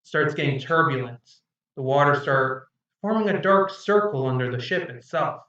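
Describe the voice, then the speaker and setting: A man's voice: a little high, animated, moderate pace, pushed and bright, heavy reverb, recorded from a distance, lo-fi sound. A man narrating as game master of a tabletop game, rambling and hesitant with fillers.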